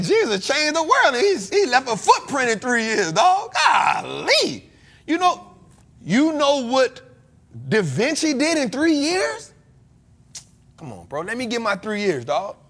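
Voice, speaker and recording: An American man hosting a casual chat, joking and breaking into loud exclamations. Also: very high-pitched, wildly swooping pitch, unhurried. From United States. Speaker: podcast host.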